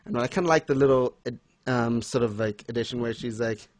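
A man casually chatting as co-host, animated and quick to laugh, acting out lines he retells. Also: mid-range voice, no room sound. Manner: animated, laughs often, acts out quotes. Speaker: podcast co-host. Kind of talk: casual fan discussion.

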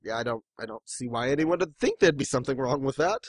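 Quick and animated, this medium-pitched man runs a laid-back podcast with no echo in the room. He's chatty and jokey, now and then slipping into other voices to quote someone.

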